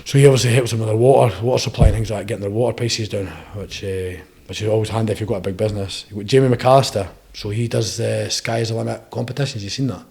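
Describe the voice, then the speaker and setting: Fast-talking Scottish man telling stories. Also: fairly low pitch, fairly even intonation, gravelly, a little mellow. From Scotland. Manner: rapid, rambling storytelling with frequent "eh?" tags. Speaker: podcast guest, bare knuckle boxer. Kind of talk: casual interview chat.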